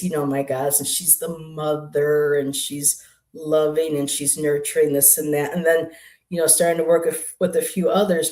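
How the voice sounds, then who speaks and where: A host chats casually about spiritual practice, drifting through asides and pausing often. The voice sits in the middle of the pitch range. The room is echoey and roomy. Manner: meandering, halting, with many asides. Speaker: livestream co-host, artist and poet. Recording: roomy echo.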